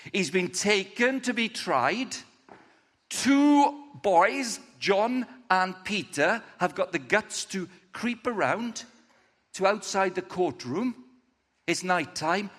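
A man preaching a lively, chatty sermon, acting out the characters' lines in different voices. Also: sits high, in a large hall. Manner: animated, acts out quotes in voices, chatty asides.

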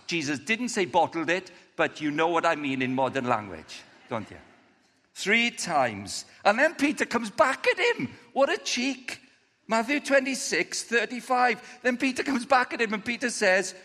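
A man preaching a lively, chatty sermon, acting out the characters' lines in different voices. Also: sits high, unhurried, in a large hall. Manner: animated, acts out quotes in voices, chatty asides.

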